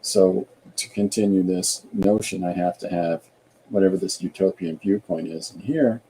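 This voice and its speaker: A man hosting an art podcast, thinking aloud in a relaxed, rambling way while he draws and reads viewer comments. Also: low-pitched, normal speed, slight background noise, low-quality recording. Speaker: artist and podcast host. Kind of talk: casual livestream chat while drawing.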